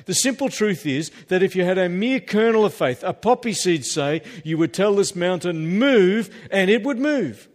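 Pastor, male, emphatic sermon voice with jokey asides, pitched a bit high, long hall reverb. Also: moderate pace, few pauses, a little mellow. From Australia. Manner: emphatic preaching with humorous asides. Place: church hall.

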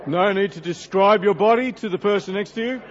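A man's voice: high-pitched, brisk, slight background noise. A middle-aged man preaching a sermon, speaking earnestly and directly to his congregation. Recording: dull lo-fi sermon recording.

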